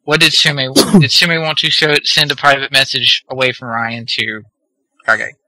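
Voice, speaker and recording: A man acting as game master in a casual tabletop role-play session, calmly asking the players questions. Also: mid-range voice, measured pace, dry recording, low-quality recording.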